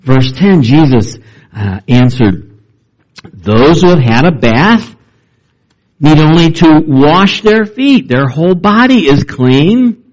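Man, pastor, sermon, lively pitch, emphatic delivery. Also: takes it slowly. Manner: animated, acts out quoted voices with rising pitch.

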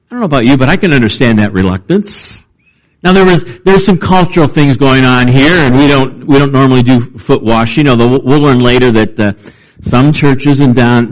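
A man preaching a sermon as pastor, reading scripture and talking it through with lively emphasis. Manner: animated, acts out quoted voices with rising pitch.

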